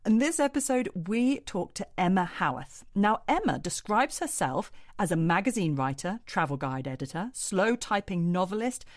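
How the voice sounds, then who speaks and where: Lively, laughing woman podcast co-host. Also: mid-range voice, normal speed, hardly any pauses, no echo, studio quality. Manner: bubbly, jokey, laughs often. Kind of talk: casual chat and introducing a guest.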